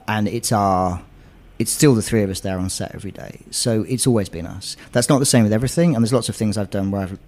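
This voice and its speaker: A screenwriter being interviewed, chatting casually and telling animated stories with frequent restarts. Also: male voice, lowish voice. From England. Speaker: screenwriter guest. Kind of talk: conversational interview.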